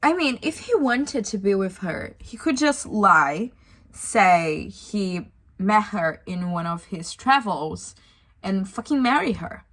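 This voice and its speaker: A woman's voice: medium pitch, lively intonation, slow, fairly bright tone. A young woman reviewing a book in a casual vlog, ranting in exasperation with sighs and swearing.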